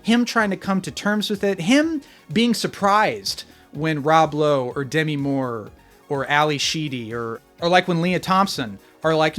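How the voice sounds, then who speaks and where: A man's voice: fairly high pitch, animated, unhurried, a bit bright, soft background music. A man giving a casual spoken movie review, opinionated and rambling, often restarting his sentences. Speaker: film reviewer.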